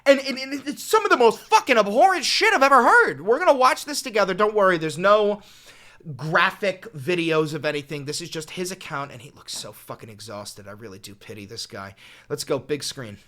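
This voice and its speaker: Impassioned male host, bright edgy tone, swings from shouting to quiet. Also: sits high, animated, brisk. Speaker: commentator. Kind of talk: reaction commentary. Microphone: desk microphone.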